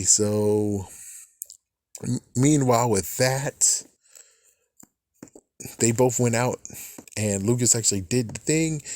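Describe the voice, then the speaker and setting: A man's voice: darkish tone, no room sound, studio quality. A man giving a casual, ranting recap of a TV episode, often swearing and mocking the characters in a raised voice. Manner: mimics characters' lines in a higher voice. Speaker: fan reviewer.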